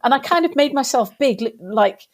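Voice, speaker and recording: A British woman spinning a comic tale for an interviewer, her voice a bit higher than most and swooping up and down as she acts out each quote. She talks with a storyteller's energy, trying on other people's voices as she goes. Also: animated, brisk. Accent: British English. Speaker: guest.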